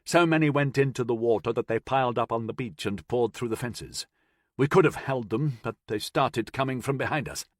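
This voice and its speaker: A man's voice: medium pitch, moderate pace, no room sound, lightly acted. A man voicing a confident, seasoned male soldier, ragged and out of breath, with dry mockery. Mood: grim. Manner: dryly mocking, ragged and breathless.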